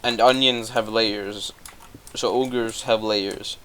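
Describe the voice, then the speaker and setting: A man's voice: fairly low pitch, steady tone, takes it slowly, fairly bright tone. Grumpy male ogre, blunt, dismissive, young man's own voice.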